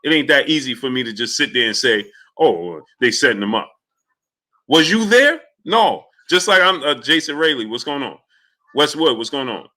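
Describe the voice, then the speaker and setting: Hosting a live stream, a man greets people in chat by name and rants heatedly, full of animation. His pitch is fairly high and his pace is moderate.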